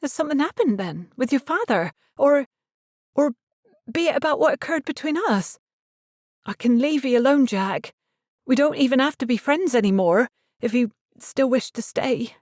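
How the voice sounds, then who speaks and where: Woman narrator voicing a shy young Cornish maiden, high and soft, close dry read. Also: lively intonation, moderate pace, no room sound. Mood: pleading. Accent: Cornish dialect. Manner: soft, earnest, pleading.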